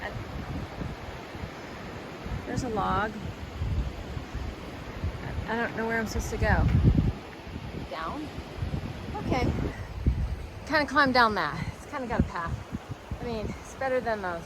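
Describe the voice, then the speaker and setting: A woman's voice: on the high side, expressive, slow, long pauses. A woman filming a solo backpacking vlog, chatting to the camera as she hikes a mountain trail and cheering herself on. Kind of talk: casual on-trail video diary. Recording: outdoor trail recording with clear background noise.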